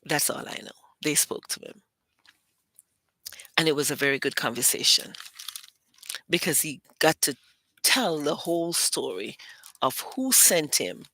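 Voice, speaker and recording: A British woman hosting a show, telling stories in a casual, animated way and acting out what other people said. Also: low-pitched, unhurried, long pauses, dry recording. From Britain. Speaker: host. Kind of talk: casual storytelling monologue.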